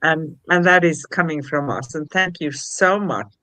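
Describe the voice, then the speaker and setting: A woman co-hosting a spiritual livestream, talking gently and reading affirmations in a soothing way. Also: low voice, a little slow, dry recording, poor audio. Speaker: co-host.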